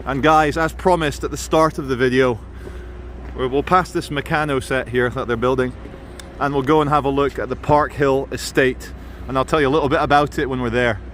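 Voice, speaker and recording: A man's voice: mid-range voice, steady tone, brisk, fairly bright tone, slight background noise. A man filming a walking vlog outdoors in a city, giving jokey, chatty tour-guide commentary. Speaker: vlogger.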